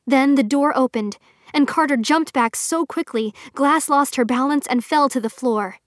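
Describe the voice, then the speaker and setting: A woman narrating a young adult novel in a steady, expressive audiobook reading. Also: high voice, moderate pace, no room sound, studio quality.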